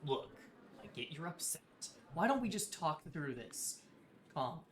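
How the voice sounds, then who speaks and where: A woman reading the lines of a defensive male mentor in a game, who tries to placate and calm things down. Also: sits low, measured pace.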